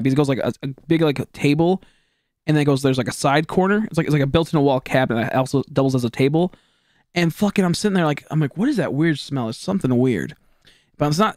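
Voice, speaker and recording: A young man with a slightly high voice streams a video game, chatting casually with viewers in a rambling, profane, jokey way and goofing around with chat. The sound is clean studio quality with no echo.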